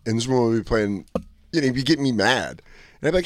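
A man's voice: medium pitch, lively intonation, rapid-fire, no room sound. A man in his thirties co-hosting a radio show in a studio, telling crude, rambling stories and putting on voices for the people in them. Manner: crude, storytelling, does voices for others. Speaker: podcast co-host. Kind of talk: casual comedic chat.

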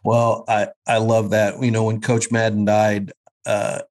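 A guest actor in his fifties from the Kansas City area chats casually and reminisces, his speech full of fillers and restarts. His lowish voice is a little mellow, unhurried, and completely flat in delivery.

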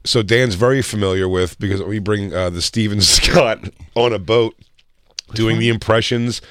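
A man's voice: fairly low pitch, normal speed, fairly bright tone, clear, resonant tone, no room sound. A man hosting a casual comedy podcast, telling stories, acting out quotes and laughing often.

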